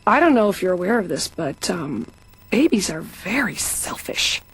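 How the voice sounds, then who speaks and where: A woman voicing a self-absorbed therapy patient in a cartoon, rambling and dramatic, quick to tear up. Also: fairly low pitch, very animated, slightly rough, heavily acted, low-quality recording. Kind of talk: improvised cartoon dialogue.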